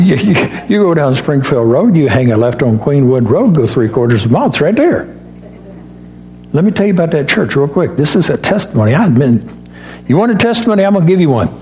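A middle-aged man preaching a sermon in a folksy, storytelling way, acting out dialogue and rising in pitch on key points. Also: big pitch swings, normal speed, a little mellow. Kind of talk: sermon with personal stories.

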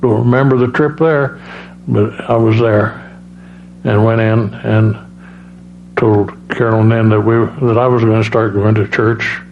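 A man giving a personal testimony as a preacher, halting, with many restarts and fillers. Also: on the low side, fairly even intonation. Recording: dull lo-fi sound with faint hum.

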